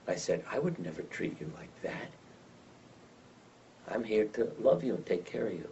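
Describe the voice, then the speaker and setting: An older man telling lively anecdotes as an interview guest, acting out the voices of the people in his stories. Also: lowish voice, moderate pace, pauses often, slight background noise. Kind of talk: storytelling in an interview. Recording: dull lo-fi sound from some distance.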